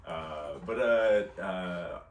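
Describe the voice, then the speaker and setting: A man's voice: low-pitched, extremely slow, far from the mic. A man hosting a podcast in a laid-back, hesitant way with lots of fillers. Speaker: podcast host. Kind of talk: casual interview chat. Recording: roomy, off-mic sound.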